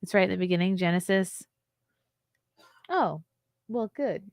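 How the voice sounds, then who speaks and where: Chatty woman with a gravelly voice. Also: fairly low pitch, lively intonation, a little slow, no echo, studio quality. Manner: candid, chatty, laughs often, reads chat aloud. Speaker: livestream host. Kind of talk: casual livestream chat.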